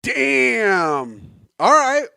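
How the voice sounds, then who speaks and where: A man's voice: very high voice, sing-song, very slow, vocal fry, pushed and bright, clean tone, no room sound, clean studio sound. A man co-hosting a podcast in casual comedic chat, telling stories and teasing his co-host. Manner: joking storyteller, teasing.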